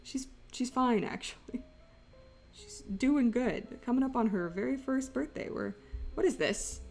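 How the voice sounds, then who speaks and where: A young woman streaming while she draws, chatting in a rambling, emotional way, laughing often and swinging from loud exclaims to quiet asides. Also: on the high side, animated, unhurried, vocal fry, faint music behind. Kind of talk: casual stream chat while drawing.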